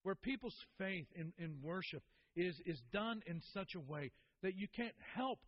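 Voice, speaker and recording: A man's voice: high voice, lively intonation, normal speed, highs cut off. A man preaching a sermon, telling stories in an earnest way and repeating words for emphasis.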